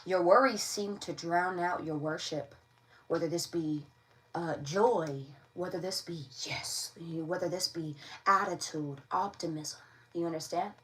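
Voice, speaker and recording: On the low side yet a bit bright, her unhurried voice comes through poor audio. The woman does a laid-back tarot reading to camera, joking in slang and regularly asking her listeners "all right?"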